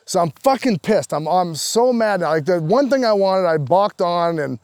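A man, a professional golfer, guesting on a casual podcast, telling animated, profanity-laced stories. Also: high voice, normal speed, dry recording, clean studio sound.

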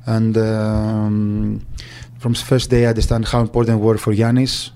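Soft-toned man recalling. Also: fairly low pitch, completely flat delivery, clear, resonant tone. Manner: halting, searching for words. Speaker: agent. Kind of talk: interview recollection.

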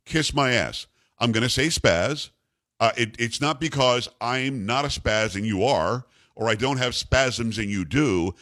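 A man's voice: mid-range voice, measured pace, fairly bright tone. An older man hosting a talk radio show, ranting in a blunt, combative and jokey way. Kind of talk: opinionated talk radio rant.

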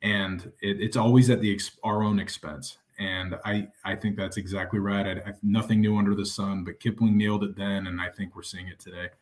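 A man, a military veteran, talking casually on a podcast in an earnest, measured way. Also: fairly low pitch, level tone.

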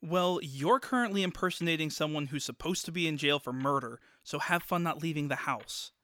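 A woman's voice: deep voice, a little fast, a bit bright, no echo, clean studio sound. A woman in an audio drama, playing a sarcastic woman stuck in a man's body. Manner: sarcastic, wry.

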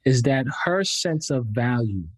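A male professor talks slowly and reflectively as a guest, taking his time over each thought. His pitch sits in the middle range. The recording is dry and close. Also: expressive, dry recording. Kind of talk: interview answers.

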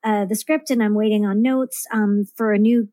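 A woman's voice: mid-range voice, steady tone, moderate pace, mellow, no echo. Chatty woman, lots of ums. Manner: rambling, many fillers and restarts. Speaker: comics writer, podcast guest. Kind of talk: casual interview chat.

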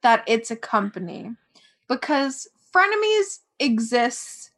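A woman's voice: a little high, very animated, a bit bright. A young woman co-hosting a podcast, talking casually and sounding frustrated, with lots of filler words. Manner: frustrated, measured, many fillers. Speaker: podcast co-host. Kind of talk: casual gossip chat.

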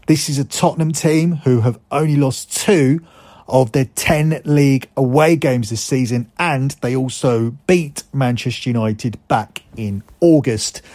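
Male podcast host, mid-pitch, dry close sound, analytical betting talk. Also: darkish tone, dry recording. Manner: fluent, analytical, rattles off odds and stats. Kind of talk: sports betting preview with ad reads.

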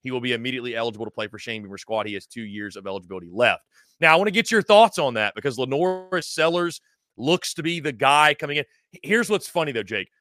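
A man hosting a podcast, asking questions in a relaxed way and reading news aloud steadily. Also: mid-range voice, fast, no echo, clean studio sound. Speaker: podcast host. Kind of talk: casual podcast interviewing.

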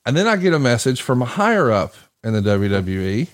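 A man's voice: mid-range voice, a little fast. A man hosting a podcast, telling a story in casual chat with plenty of swearing and acted-out quotes. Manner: profane, animated storyteller acting out quoted voices. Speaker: podcast host.

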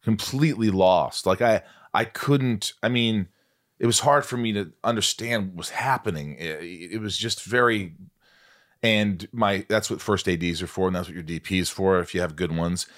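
A man hosting a podcast, talking in a casual, animated way with lots of swearing and self-deprecating stories. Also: low voice, normal speed. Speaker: podcast host. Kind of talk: casual chat.

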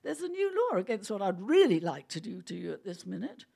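A woman's voice: mid-range voice, very animated, fairly quick, gravelly, dark tone, husky, exaggerated voice. A woman voicing a teasing, vengeful young woman in a read-aloud story.

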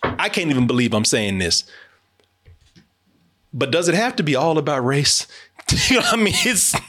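A young man hosts a casual movie review podcast in an emphatic, animated way. His voice sits a bit high and swings widely in pitch as he rants. He swears freely and laughs along with his co-hosts. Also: moderate pace, a little hiss or hum. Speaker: podcast host.

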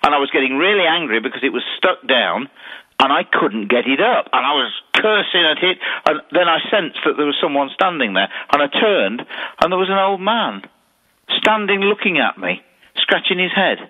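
A man telling ghost stories in a casual chat, animated, often repeating words. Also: fairly high pitch, moderate pace. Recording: tinny phone-line audio.

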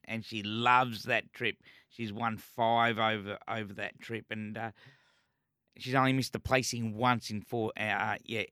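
An Australian man giving racing tips on live radio, talking through the form confidently and relaxed, trailing off at times. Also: medium pitch, dry recording, clean studio sound. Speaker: racing tipster. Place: radio studio.

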